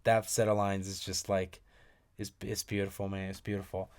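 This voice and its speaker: A young man talks through music in casual, excitable commentary and swears freely. His voice sits low and sounds smooth and resonant. He jumps from loud bursts to quiet, mumbled asides. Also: normal speed. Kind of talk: casual commentary reading lyrics aloud.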